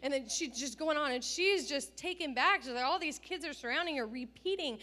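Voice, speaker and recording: A woman's voice: high-pitched, a little fast. A middle-aged woman pastor giving a sermon, telling stories animatedly and acting out the quotes. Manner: animated storytelling with acted-out quotes.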